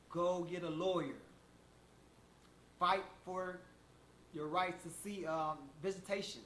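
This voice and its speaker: A man's voice: high-pitched, steady tone, slow, long pauses, a bit bright, a little hiss or hum. A man giving a motivational monologue, talking emphatically and preaching straight to his listeners. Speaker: motivational speaker. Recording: echoey room with faint background ambience.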